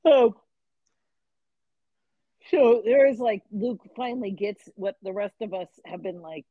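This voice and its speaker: A woman's voice: medium pitch, a little slow, long pauses, no echo, phone-quality sound. A woman co-hosting a podcast, chatting casually about a book and acting out the characters' lines. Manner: chatty, acts out characters' lines, laughs easily. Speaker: podcast co-host. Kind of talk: casual chat recapping a mystery novel.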